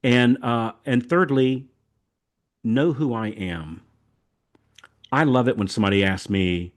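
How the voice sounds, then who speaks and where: This older Southern podcast host has a mid-range voice and takes things slowly, pausing often. His casual chat wanders in a folksy way, full of repeated words.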